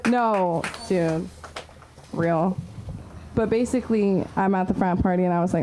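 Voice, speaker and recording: A woman's voice: fairly low pitch, measured pace, dark tone, slight background noise. A young woman hosting a comedy open mic on a club stage, bubbly and rambling as she tells a story.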